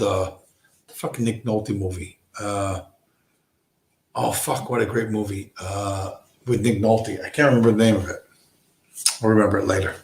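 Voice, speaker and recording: A man's voice: fairly low pitch, gravelly, a little mellow. A man hosting a livestream, delivering a blunt, profane, emphatic ranting monologue from a home room. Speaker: livestream host. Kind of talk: ranting monologue on a chill stream. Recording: roomy echo.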